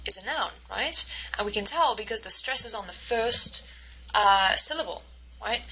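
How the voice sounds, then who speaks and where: A woman instructor giving a recorded lecture over slides, explaining patiently and slowing down to model the stressed words. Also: medium pitch, animated, bright, forceful tone, breathy edge, rough recording. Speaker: university instructor.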